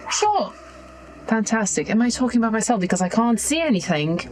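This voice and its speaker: A woman's voice: on the high side, big pitch swings, brisk, a little mellow, a little hiss or hum. Wry, sarcastic woman player. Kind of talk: playing a character in a tabletop game.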